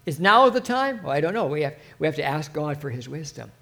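A man preaching an informal sermon, reading scripture with rising fervor between halting, earnest asides. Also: fairly high pitch, big pitch swings, vocal fry, fairly bright tone.

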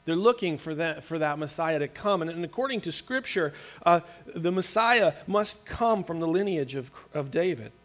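A man delivers a sermon in a relaxed, conversational way. He is earnest, often restarts his phrases, and laughs lightly now and then. His voice sits a little higher than most men's. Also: moderate pace, hardly any pauses. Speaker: pastor.

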